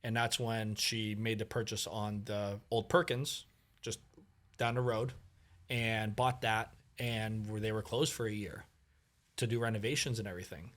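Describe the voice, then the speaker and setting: Animated storytelling man, podcast guest. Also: fairly low pitch, moderate pace. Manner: animated, acts out quoted dialogue, many fillers. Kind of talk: casual storytelling conversation.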